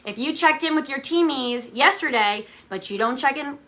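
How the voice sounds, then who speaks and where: Bright, high-voiced woman coaching her team. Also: lively intonation, normal speed. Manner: emphatic, repeats "okay?" to check in. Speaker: direct sales team leader. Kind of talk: motivational talk to camera. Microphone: camera mic, speaking to camera.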